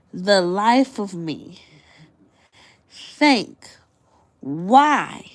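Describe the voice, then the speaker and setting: A woman on a livestream, telling an upsetting story in an exasperated way and repeating phrases for emphasis. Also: lowish voice. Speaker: livestream reader host. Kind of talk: emotional livestream vent.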